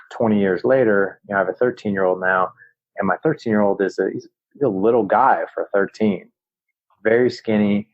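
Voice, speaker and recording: Gravelly middle-aged man telling a story. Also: fairly low pitch, no room sound, dull audio. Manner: loose, chatty storytelling with many fillers. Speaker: podcast host. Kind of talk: casual storytelling.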